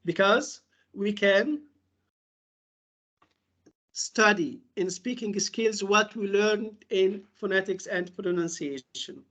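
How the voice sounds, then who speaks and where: A woman's voice: mid-range voice, slow, long pauses, fairly bright tone. A woman teaching English pronunciation in a webinar lecture, repeating example words over and over like a drill.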